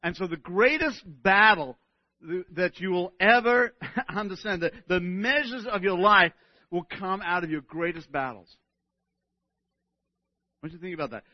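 A male pastor delivering an animated sermon, often checking in with "right?" and restarting his words. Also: high-pitched, normal speed, long pauses, dry recording, muffled recording.

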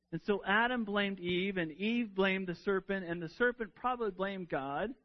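A man's voice: sits high, moderate pace, few pauses, lo-fi sound. A man preaching a sermon in an earnest way, often repeating words as he restarts a sentence.

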